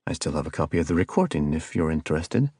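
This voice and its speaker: A man's voice: a bass voice, quick pace, slightly rough, dry recording, clean studio sound, full character voice. A man doing an icy, mocking villain. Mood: icy menacing. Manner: cold, mocking, calm. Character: calm icy male kidnapper villain. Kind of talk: audiobook character voice.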